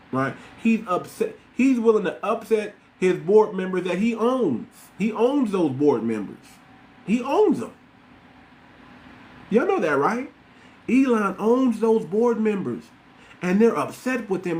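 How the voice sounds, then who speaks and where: A man hosting a podcast, giving blunt, repetitive commentary straight to his listeners. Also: high voice. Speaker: podcast host. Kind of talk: casual commentary monologue.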